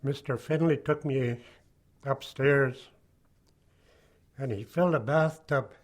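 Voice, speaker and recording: An older man giving personal testimony in an interview, speaking haltingly with many pauses and fillers. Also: mid-range voice.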